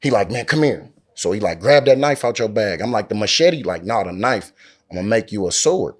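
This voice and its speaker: Sitting in a lounge at a Las Vegas resort, an Oakland, California native gives an interview, his fairly low voice moving briskly. He's animated and casual, performing quoted dialogue while swearing often and using lots of slang.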